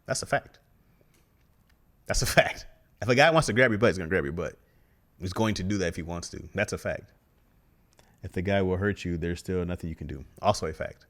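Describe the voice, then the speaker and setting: A man's voice: deep voice, fairly quick, pauses often, a bit bright. A man co-hosting a casual podcast chat, talking things through with his co-host and reading listener comments aloud.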